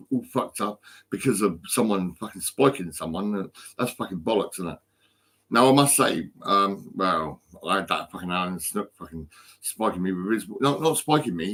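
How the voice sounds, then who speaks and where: A man's voice: on the low side, a bit bright, poor audio. A man from England on a live stream from his home, talking in a rambling way with lots of ums and restarts and heavy swearing. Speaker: livestreamer. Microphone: phone.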